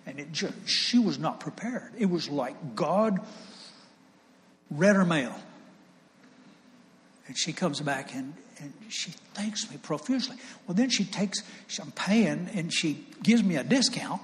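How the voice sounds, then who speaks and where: A man preaching a sermon, telling a personal story in an animated, folksy way with chuckles. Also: on the high side, moderate pace, slight background noise. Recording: long reverb, faint ambience.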